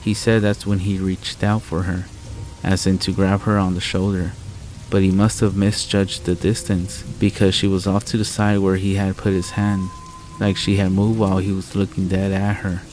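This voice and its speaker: A man narrating a scary story in a calm, measured, deadpan way. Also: low-pitched, slight background noise, poor audio. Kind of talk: scripted narration. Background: rain and faint music.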